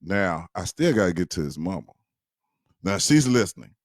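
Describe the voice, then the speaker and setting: Older grandfather type, low voice, chatty and teasing, talks straight to his viewers. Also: big pitch swings, moderate pace, no echo, studio quality. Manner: chuckling, teasing, keeps addressing listeners as y'all. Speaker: grandfather telling family stories. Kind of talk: casual storytelling to viewers.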